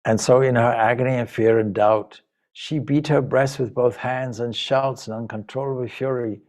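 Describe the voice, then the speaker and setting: A man's voice: mid-range voice, steady tone, normal speed, a little mellow. A man, a monk and spiritual teacher, emotively retelling an ancient epic in a spiritual talk. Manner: emotive, dramatic retelling with voiced dialogue. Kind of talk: storytelling talk of a sacred epic.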